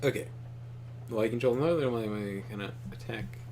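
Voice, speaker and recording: He's a young adult gaming co-host whose medium-pitched voice moves briskly over a slight hiss or hum. His casual gameplay talk turns into animated storytelling, full of laughter and swearing.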